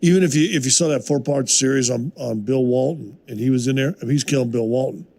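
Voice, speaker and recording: An older man who once played pro basketball, talking on sports radio in a halting way, full of restarts and "I mean". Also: mid-range voice, darkish tone, no room sound. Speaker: former basketball player, co-host. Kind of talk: sports talk radio chat. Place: radio studio.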